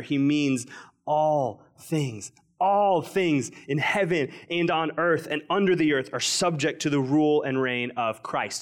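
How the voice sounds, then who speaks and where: A man in his thirties preaching a sermon, slowing down and dropping his voice to stress key lines. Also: a little high. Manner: earnest preaching, stretches key phrases slowly, drops quiet for emphasis. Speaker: pastor.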